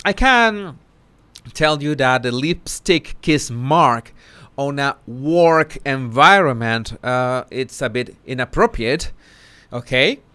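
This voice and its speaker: A man hosting a casual live commentary, talking haltingly with many restarts and self-corrections. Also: medium pitch, expressive, sharp tone, smooth. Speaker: social commentary host.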